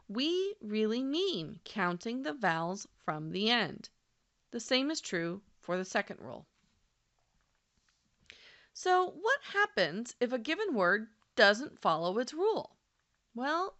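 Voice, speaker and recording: A woman narrates a scripted language lesson with a bright, ringing tone. Her pitch rises and falls in a lively way. She speaks clearly and deliberately and slows down on example words. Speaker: language teacher.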